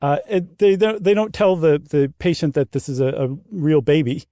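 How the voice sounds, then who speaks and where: Podcast co-host, male, mellow slightly higher voice, chatty and easygoing, close dry mic. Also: normal speed, no room sound. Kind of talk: casual chat.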